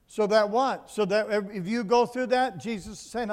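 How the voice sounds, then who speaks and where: A man preaching a sermon, dropping to quiet asides and then rising to loud, emphatic points, often repeating words as he builds. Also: high-pitched, moderate pace, few pauses, big-room sound. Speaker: pastor. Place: church building.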